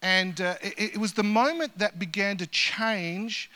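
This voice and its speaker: A man in his fifties preaching a sermon at a church, moving between loud rallying calls to the congregation and quiet, personal storytelling. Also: sits high, unhurried. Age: 50s. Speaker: guest preacher.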